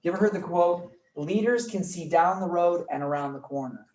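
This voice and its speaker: Energetic man teaching a class, far mic. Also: sits high, a little fast. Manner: energetic, quizzes the class often. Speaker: real estate trainer. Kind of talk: live classroom training talk. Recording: roomy room, mic from far off, faint noise.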